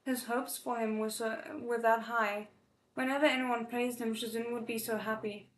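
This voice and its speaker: A woman reading a novel aloud live, expressive, with emotional asides between passages. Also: fairly high pitch, moderate pace, a little hiss or hum. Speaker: audiobook reader. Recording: echoey room.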